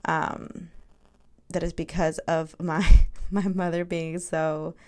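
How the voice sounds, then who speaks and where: A young woman hosting a podcast on her own, telling her dreams in a candid, animated way, with frequent laughs and swearing. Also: fairly low pitch, slow pace. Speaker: podcast host. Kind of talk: casual solo podcast chat.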